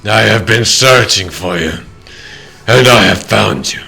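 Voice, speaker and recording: A giant hostile creature from a tabletop game speaks in a raspy, menacing drawl, put on by a man. The voice sits low and lumbers along slowly. It sounds bright and forceful despite the rasp. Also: soft background music, heavily acted. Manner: slow, menacing pronouncement.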